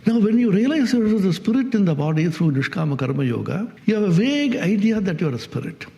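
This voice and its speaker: Gravelly high-pitched man in a reverberant hall. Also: sing-song, fast, dark tone. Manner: questions the audience, acts out everyday speech. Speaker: swami teaching Vedanta. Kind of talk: spiritual discourse to an audience.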